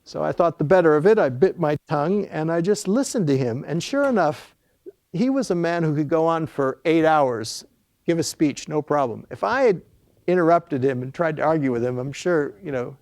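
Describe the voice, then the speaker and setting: A man's voice: on the high side, lively intonation, normal speed, darkish tone, dry recording. An older man giving a talk as an author, telling an anecdote in a storytelling lecture style with frequent fillers and restarts.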